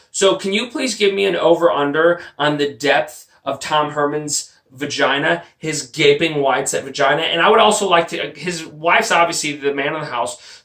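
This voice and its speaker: A man's voice: a little high, a bit bright. A man from Texas, hosting a sports podcast and ranting bluntly and profanely, mocking the people he talks about. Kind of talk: opinionated sports rant. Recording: roomy, distant home mic.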